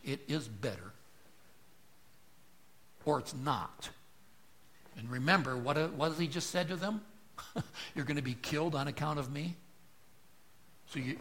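Pastor guy preaching, bright forceful voice, asks the crowd questions, gets loud then drops low. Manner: emphatic preaching, rhetorical questions, rising and dropping loudness. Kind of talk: sermon.

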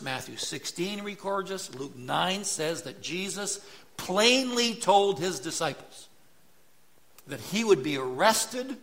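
A man's voice: fairly high pitch, fairly bright tone. A middle-aged man preaching a sermon as pastor, in a conversational way, often checking in with "right?". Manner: conversational, tag questions like "right?".

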